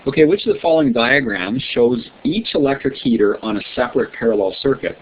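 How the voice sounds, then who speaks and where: A man teaching an online science class, friendly and encouraging, often checking in with his students. His voice sits at an ordinary pitch. It comes through a thin, phone-like line with a soft hiss behind it. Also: lively intonation, a little fast, few pauses. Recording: tinny lo-fi line with faint hiss.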